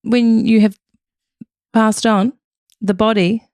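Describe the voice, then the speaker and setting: A woman's voice: on the high side, fairly even intonation, slow pace, darkish tone, dry recording. Quippy woman, dry close sound. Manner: quippy, reactive with gasps and asides. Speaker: podcast co-host. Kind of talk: casual podcast chat.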